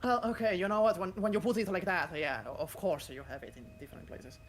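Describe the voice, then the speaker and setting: An eager player at a tabletop game, bargaining in halting bursts full of fillers. The pitch sits in the middle, and a faint hum runs under the voice. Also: expressive.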